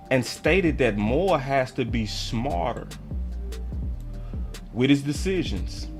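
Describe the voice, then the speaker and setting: A man hosting a livestream sports commentary show, talking in a heated, emphatic way full of slang. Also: medium pitch.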